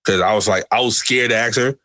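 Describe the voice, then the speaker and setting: A man in his thirties co-hosting a podcast, telling stories in a casual, animated way and acting out what other people said. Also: fairly low pitch, quick pace. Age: 30s. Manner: animated storyteller who acts out other people's lines. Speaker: podcast co-host. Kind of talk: casual chat.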